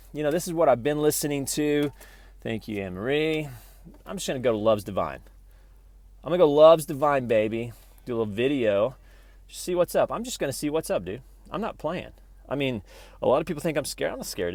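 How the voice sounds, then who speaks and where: A man's voice: mid-range voice, expressive, fairly quick, long pauses, a little mellow, dry recording. Rambling, profane man vlogging to his phone. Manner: rambling, profane, talks to camera in bursts. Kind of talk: rambling casual vlog. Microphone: phone camera.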